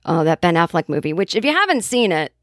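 A woman's voice: on the low side, sing-song, fast talker, a bit bright, no room sound. A woman from Boston, a comedian chatting casually on a podcast, rambling through tangents with plenty of swearing and fillers. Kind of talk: casual chat.

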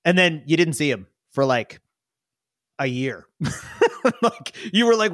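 A man narrating a tabletop game as game master. He rambles with amused asides and restarts, and his pitch swings widely. The recording is dry and close. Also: very animated, a little slow, a bit bright, dry recording.

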